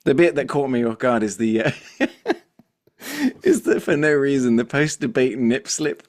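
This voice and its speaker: A man hosting a movie podcast, recapping scenes from his notes in a lively, casual way. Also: medium pitch, normal speed. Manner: animated, reads from notes, quotes scenes. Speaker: podcast host.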